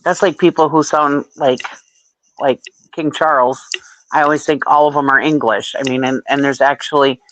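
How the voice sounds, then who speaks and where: A woman's voice: low voice, steady tone, moderate pace, poor audio. A woman in casual group chat, gossiping and then apologizing profusely.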